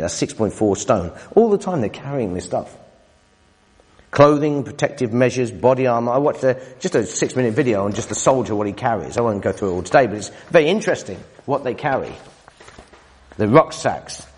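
A man preaching in a church hall, his voice a little husky with a long reverb trailing behind it. He is animated and teasing, jumping between loud emphasis and quieter asides. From United Kingdom. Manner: animated, teasing, emphatic, with lively pitch swings and laughs. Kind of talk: sermon.

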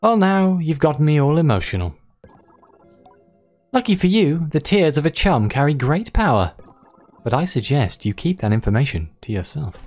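Player doing a soft cooing giant monster queen, motherly and doting, voice swoops up and down, faint game music. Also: mid-range voice, very animated, normal speed. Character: gentle giant female creature queen, motherly. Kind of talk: reading game dialogue aloud.

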